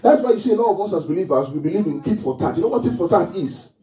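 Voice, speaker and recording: Lively preaching man in an echoey hall. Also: high-pitched, racing, faint music behind. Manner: questions the congregation often, call and response. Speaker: pastor. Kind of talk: sermon. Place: church hall with congregation. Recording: echoey hall, mic far off.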